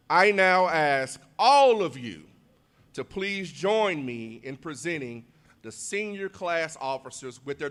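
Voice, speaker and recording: Brief: male principal at a graduation ceremony, fairly high voice, animated and rousing, big swings in loudness. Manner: leads crowd call-and-response. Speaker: school principal.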